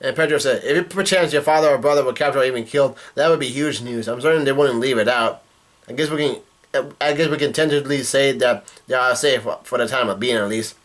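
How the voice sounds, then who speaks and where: A man's voice: medium pitch, fast, fairly bright tone. A man casually reading comic dialogue aloud and breaking in with profane asides. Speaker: manga reaction youtuber.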